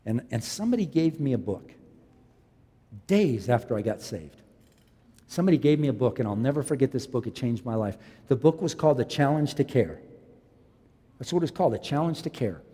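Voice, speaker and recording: A man in his fifties preaching a sermon as a pastor, swinging from loud, impassioned lines to quiet, low ones. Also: lively intonation, fairly quick, pauses often, breathy edge. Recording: long hall reverb.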